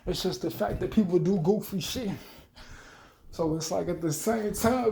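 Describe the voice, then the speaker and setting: A man's voice: high-pitched, steady tone, creaky, dark tone. A man ranting in a loose, rambling, profane monologue. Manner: profane, loose, rambling, talks fast then trails off. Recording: roomy echo.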